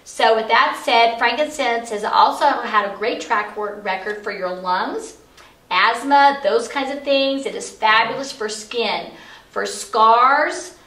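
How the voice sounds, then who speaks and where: Recorded in an office with echo and a distant microphone, this middle-aged woman explains essential oils in an informal, talkative way full of fillers. Her voice is fairly high and fairly bright, and she takes things slowly.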